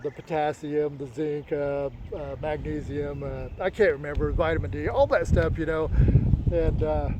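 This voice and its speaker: A man telling an emotional personal story in a casual, profane way, full of excited sound words like boom and bam. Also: background noise.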